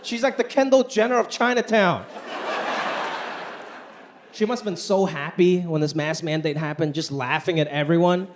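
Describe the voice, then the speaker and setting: A man performing a stand-up comedy routine on stage, animated and putting on voices for the people in his stories. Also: a little high, normal speed, pauses often, noisy background. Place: stage before a laughing audience. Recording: live show with crowd laughter.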